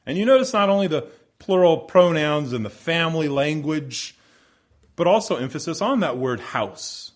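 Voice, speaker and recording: A man preaching a sermon in an earnest, measured cadence, slowing for emphasis and reading scripture aloud. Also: a little high, animated. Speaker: pastor.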